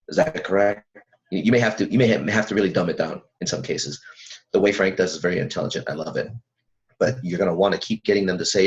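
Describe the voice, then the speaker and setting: A man with a low, deep voice coaches a sales class with energy and a quick, animated delivery. His audio is dull and lo-fi, like a video call. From German and Hawaiian heritage, US. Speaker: co-instructor.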